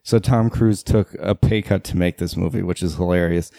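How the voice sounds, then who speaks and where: Man, low gravelly voice, dark tone, dry close mic, casual rambling movie chat. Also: steady tone, moderate pace. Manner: rambling, laughs often, swears casually. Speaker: movie commentary co-host.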